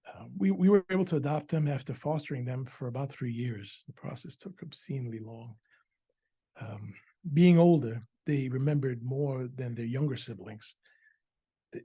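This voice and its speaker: Husky, mellow middle-aged man telling a story. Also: medium pitch. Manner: conversational, many fillers, repeats words. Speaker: adoptive father. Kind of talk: personal story told at a family event.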